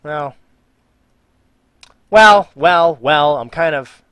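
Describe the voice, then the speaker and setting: A man's voice: on the high side, drawn-out words, a bit bright, clean tone, no echo. A man on a live stream, reading out viewer questions and answering with jokes, trailing off and muttering while he works. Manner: jokey, reads viewer questions aloud. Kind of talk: casual live-stream chat.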